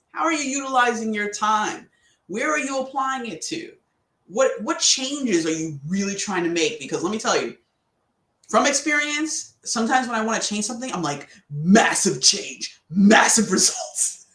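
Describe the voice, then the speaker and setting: A woman's voice: medium pitch, a bit bright. A woman podcast host giving a casual motivational talk, chatty and slangy, who laughs often. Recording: roomy echo.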